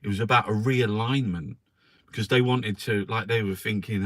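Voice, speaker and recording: A man's voice: lowish voice, steady tone, moderate pace, a bit bright, no room sound. A man who reviews the newspapers in an angry, profane political rant. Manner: angry, profane, swears constantly.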